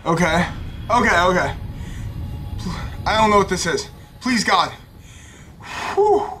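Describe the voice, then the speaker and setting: A young man talking fast as a YouTuber in an excited reaction video. He rambles nervously, swears often and sounds hyped. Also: high-pitched, a little hiss or hum. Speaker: YouTuber reacting to a game trailer.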